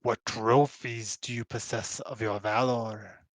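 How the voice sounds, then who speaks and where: A man voicing a serene, all-knowing crystal creature with slow, lofty pronouncements in a tabletop game. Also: mid-range voice, fairly even intonation, no echo, voice pushed down, lightly acted. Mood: solemn.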